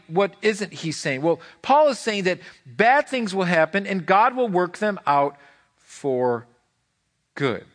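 Male pastor, higher voice, fervent sermon delivery with repeats. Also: a bit bright. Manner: impassioned, repeats phrases, voices God in quotes.

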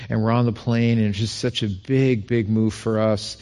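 A middle-aged male pastor from Rochester, New York, preaching a sermon and acting out quoted lines with rising pitch. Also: fairly even intonation, normal speed, a little mellow.

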